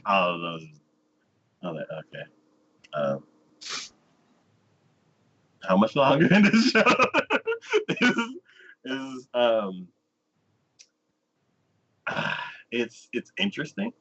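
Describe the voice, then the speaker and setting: A man's voice: medium pitch, wildly swooping pitch, extremely slow, long pauses, a bit bright, lo-fi sound. A man hosting a casual podcast, telling a story in a loose, rambling way and acting out the characters. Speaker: anime review podcast host. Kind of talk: casual chat recapping an episode.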